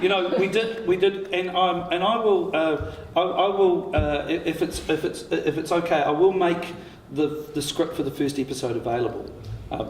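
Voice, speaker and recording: A man in his fifties with a slightly high voice spins candid panel anecdotes, laughing, swearing and restarting often. His voice rings in an echoey hall over faint background noise. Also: normal speed, hardly any pauses. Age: 50s. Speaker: writer and co-creator on a panel.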